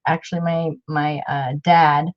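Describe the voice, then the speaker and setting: A woman's voice: sits low, little pitch movement, unhurried, dull audio. A middle-aged woman chatting in a rambling, casual way with many fillers while she works on a craft project. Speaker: crafting vlogger.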